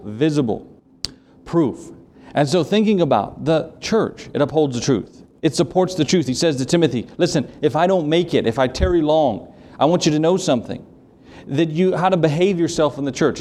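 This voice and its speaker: A man's voice: fairly high pitch, a little mellow. A man preaching a sermon as pastor, emphatic and repetitive, putting questions to his congregation.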